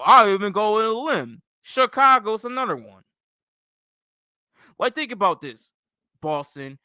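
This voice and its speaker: A man's voice: sits high, pushed and bright, dry recording. A man delivering a heated, profane comedic rant, mocking and repeating himself for emphasis. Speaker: comedic ranter.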